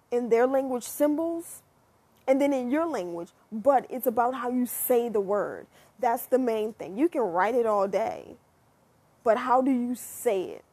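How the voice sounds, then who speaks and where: A young American woman talking casually to her viewers, chatty and animated, swearing freely as she muses. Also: fairly high pitch, slightly rough. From United States. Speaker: vlogger. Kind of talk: casual monologue to camera.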